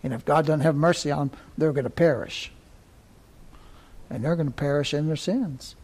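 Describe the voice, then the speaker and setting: Male pastor, high voice, emphatic sermon delivery with repetition. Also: moderate pace, a little mellow. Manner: emphatic, repeats words for stress.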